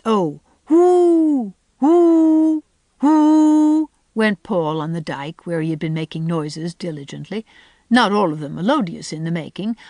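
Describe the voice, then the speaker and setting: A woman narrating a classic novel as an audiobook, in measured, gentle storytelling. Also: lowish voice, dry recording. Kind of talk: scripted narration.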